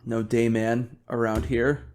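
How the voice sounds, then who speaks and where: A young man hosts his own podcast alone, rambling loosely over a beer. He swears freely and yawns as he talks. His voice sits at an ordinary middle pitch. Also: level tone, slow, darkish tone. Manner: rambling, swears often, yawning. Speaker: podcast host. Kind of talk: casual solo chat while drinking beer.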